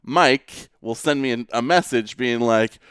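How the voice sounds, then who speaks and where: A man co-hosting a podcast, telling a rambling, animated anecdote in casual chat full of filler words. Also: mid-range voice, unhurried, smooth, dry recording, studio quality. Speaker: podcast co-host.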